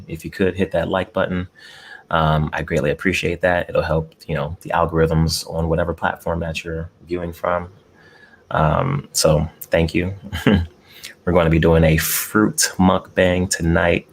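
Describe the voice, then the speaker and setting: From an air-conditioned room at home, a laid-back man eats on a live stream, greeting his chat and chuckling a lot. His deep, creaky voice stays level and a little slow. The close-up desk mic picks up a little hiss or hum.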